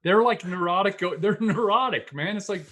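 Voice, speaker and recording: Animated, laughing male podcast host. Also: high-pitched, normal speed. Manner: animated, laughing, lots of "man" and "it's like". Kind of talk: casual conversation.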